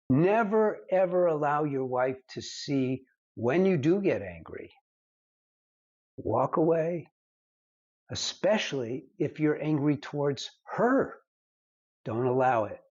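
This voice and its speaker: A man's voice: fairly high pitch, darkish tone, highs cut off. A man giving marriage advice straight to the camera, lecturing in an earnest, emphatic way. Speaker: marriage counselor. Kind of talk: direct-to-camera advice talk.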